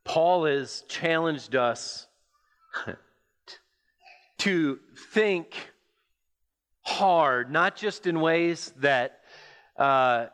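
A male pastor with a high voice delivers his sermon at an unhurried pace, building an imagined story with careful pauses. His words ring out through a sanctuary with long, lingering reverb. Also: a bit bright, smooth. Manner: slow, deliberate storytelling with pauses.

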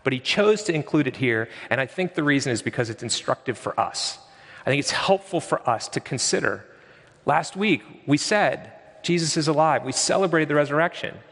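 A man's voice: a little high, lively intonation, normal speed, fairly bright tone, big-room sound. A man preaching a sermon as pastor, conversational and emphatic, in a church sanctuary.

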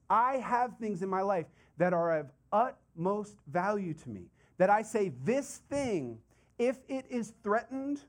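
Male pastor, middle-aged, slightly high voice, chatty animated sermon delivery. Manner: conversational, animated preaching with asides.

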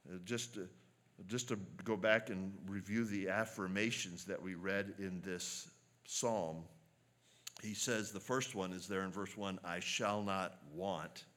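A man preaching a sermon as a pastor, earnest and measured, slowing down to stress quoted lines. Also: low voice, steady tone, a bit bright.

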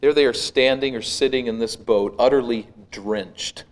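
A man's voice: mid-range voice, normal speed. Man preaching a vivid, dramatic sermon. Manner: vivid dramatic storytelling, swelling and dropping to a hush. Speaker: pastor.

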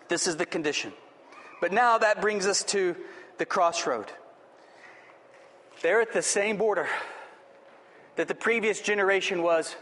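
A man's voice: sits high, a bit bright. A man pastor preaching a sermon, emphatic and repetitive, building to rising exhortations. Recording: long reverb of a hall.

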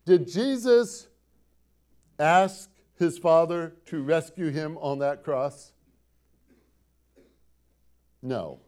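A man's voice: fairly high pitch, very slow, pauses often, a little mellow. A man preaching a sermon as pastor, quoting scripture dramatically, with repetition and rhetorical questions to the congregation. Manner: dramatic, quotes scripture with rising emphasis and repetition.

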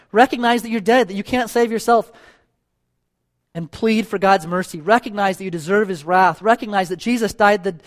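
A man preaching a sermon as a church elder, earnest and pleading, repeating phrases for emphasis and closing in prayer. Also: high-pitched. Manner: ends in a spoken prayer.

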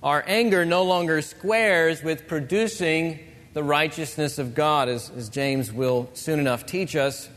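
A pastor gives an earnest, measured sermon. His voice sits a little high for a man. The church sanctuary leaves a long reverb trailing after each phrase. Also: a bit bright. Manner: earnest, measured preaching with pauses.

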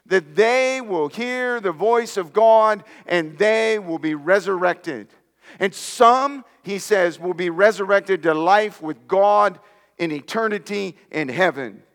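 Slow, high-voiced preaching man in reverb. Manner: emphatic preaching, dropping to near-whispers for stress; addresses listeners directly as friends. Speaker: pastor. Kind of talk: sermon.

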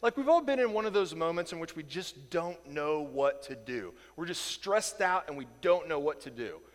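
A man from Indiana teaching a Bible lesson in a casual, animated way, acting out the people in the story and chuckling as he goes. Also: fairly high pitch, moderate pace, in a large hall. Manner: animated, acts out quoted voices, chuckles.

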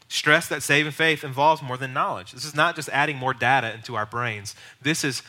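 A man's voice: mid-range voice, normal speed, bright, forceful tone. A male pastor teaching on evangelism, earnest and emphatic, often building to raised, urgent bursts.

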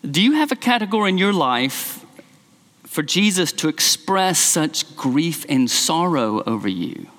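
A man preaching a sermon as pastor, earnest and emphatic, speeding up and slowing down to stress his points. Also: sing-song, a bit bright, long reverb tail. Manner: earnest, emphatic, varies pace and pitch widely.

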